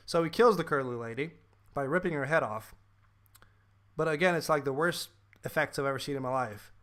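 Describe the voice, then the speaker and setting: A young man co-hosting a podcast, ranting animatedly about a bad movie and swearing. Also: a little high. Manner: animated, swearing, mocking voices of film characters. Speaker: podcast co-host. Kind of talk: casual ranting movie review.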